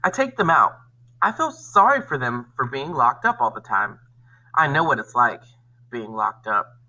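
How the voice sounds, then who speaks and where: A man reading a shy, quiet shop clerk. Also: mid-range voice, very animated, moderate pace, full character voice, rough recording. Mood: gentle. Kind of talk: reading a children's novel aloud.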